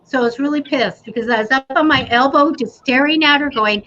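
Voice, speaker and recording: A woman's voice: sits high, brisk. A woman in casual chat, telling a ghost story with animation and acting out what she said. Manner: animated storytelling, acting out her own quotes. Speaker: paranormal talk show panelist. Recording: dull lo-fi livestream audio with faint noise.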